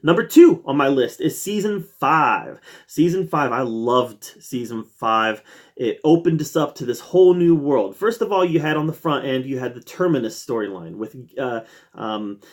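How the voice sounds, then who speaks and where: A man's voice: medium pitch, animated, moderate pace. A man hosting his own review channel, ranking TV seasons in an eager, casual way, with many fillers and restarts. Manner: enthusiastic, with frequent fillers and restarts.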